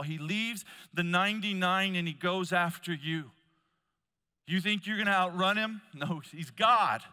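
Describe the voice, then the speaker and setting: A man preaching at a conference, telling stories with loud emphatic bursts and quiet low asides. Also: smooth. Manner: storytelling, swings between loud emphasis and hushed low asides. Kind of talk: conference sermon. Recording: long hall reverb.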